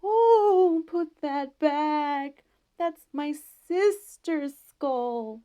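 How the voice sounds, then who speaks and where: A woman's voice: sits high, lively intonation, warm tone, dull audio, voice pushed up, exaggerated voice. Woman doing a wailing grumpy old ghost. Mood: moaning. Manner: wailing, hollering, drawn-out moans. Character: grumpy old male ghost locked in a tomb.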